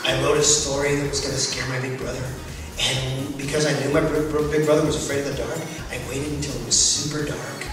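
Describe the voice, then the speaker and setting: Animated man telling a story in an echoey hall. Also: medium pitch, a little fast, over music. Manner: animated, dramatic, acting out scenes. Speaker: children's author visiting a school. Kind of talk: storytelling at a school assembly. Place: large school assembly hall. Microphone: distant from the microphone. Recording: echoey hall recorded from far off, loud noise. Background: loud crowd of children.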